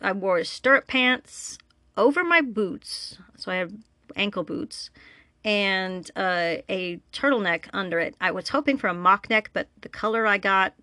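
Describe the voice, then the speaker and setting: A woman's voice: mid-range voice, animated, measured pace, bright, forceful tone, dry recording, clean studio sound. A woman hosting her own podcast alone in a room, chatting casually and laughing at herself. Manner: chatty, self-deprecating, laughs often. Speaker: podcast host and story reader. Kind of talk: casual solo podcast chat.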